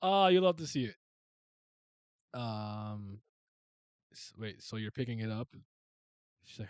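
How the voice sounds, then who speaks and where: A young man and manga scanlator reading a manga aloud and reacting in a casual, excitable, slangy way. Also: mid-range voice, normal speed, pauses often, clear, resonant tone, dry recording. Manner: excitable, animated, laughs a lot, slangy.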